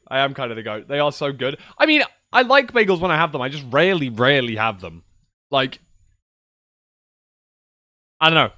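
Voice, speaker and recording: A man's voice: fairly high pitch, sharp tone, no echo, clean studio sound. A young man rambling casually to his viewers on a livestream from his computer, swearing now and then. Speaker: streamer. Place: at home at a PC.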